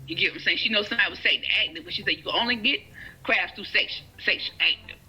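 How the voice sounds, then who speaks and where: Bright woman telling her story. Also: medium pitch, quick pace, husky, rough recording. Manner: conversational, often asks "you get what I'm saying". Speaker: guest sharing her life story. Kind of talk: personal testimony in conversation.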